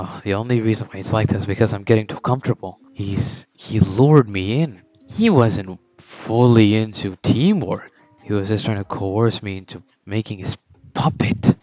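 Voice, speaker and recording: A man's voice: fairly low pitch, a little mellow, no echo, lo-fi sound, lightly acted. A man voicing a proud young male soccer star cursing in frustration, over background music. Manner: bitter, cursing inner monologue.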